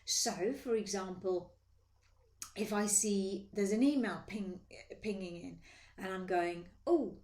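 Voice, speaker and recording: A woman talking casually to camera as a sales coach, lively and acting out the voices in her head. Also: mid-range voice, takes it slowly, roomy sound. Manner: lively, acts out inner voices. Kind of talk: casual motivational talk to camera. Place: her office.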